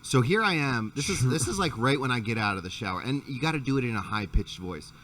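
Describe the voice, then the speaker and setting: A man's voice: mid-range voice, expressive, quick pace, fairly bright tone, no room sound, far from the mic. A man hosting a podcast and telling a long, profane story in casual chat, with frequent restarts. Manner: profane, rambling anecdote with restarts. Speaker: podcast host.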